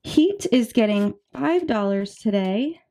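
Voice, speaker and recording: A woman's voice: fairly high pitch, expressive, slow pace, dark tone. A woman in her twenties chatting casually to camera as a budgeting vlogger, bubbly and talkative, with many fillers and asides, a little out of breath. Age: 20s.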